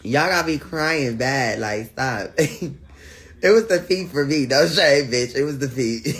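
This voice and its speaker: A woman hosting a casual live stream, chatting with viewers. She laughs often, swears freely and teases in a loud, playful way. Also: very deep voice, expressive, slow.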